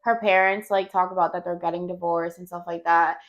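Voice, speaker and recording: A woman's voice: lowish voice, brisk, muffled recording. Laughing, blunt woman telling a story. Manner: animated storyteller who laughs often; blunt and profane. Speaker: podcast co-host. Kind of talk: casual chat.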